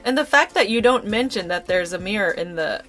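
A woman's voice: medium pitch, animated, fairly bright tone, soft background music. A woman co-hosting a podcast, chatting enthusiastically about a story she just heard. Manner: enthusiastic, chatty, quick to laugh. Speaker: podcast co-host. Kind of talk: casual podcast chat.

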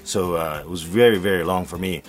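A man's voice: sits low, a little fast, soft background music. A man co-hosting a podcast in a small studio, talking casually with many fillers. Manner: relaxed, many fillers, reads listener emails aloud. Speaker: podcast co-host, rakugo performer. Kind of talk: casual chat.

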